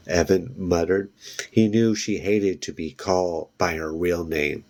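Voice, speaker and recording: For a book video, a man with a fairly low, slightly mellow voice reads a children's book aloud. His narration is plain, steady and unhurried, and when he occasionally slips, he corrects himself and carries on at the same easy pace.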